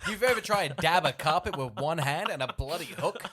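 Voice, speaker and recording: A man's voice: a little fast, a little hiss or hum. A man co-hosting a podcast, joking wryly in casual film chat. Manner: wry, joking, with lively swings in pitch. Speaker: podcast co-host.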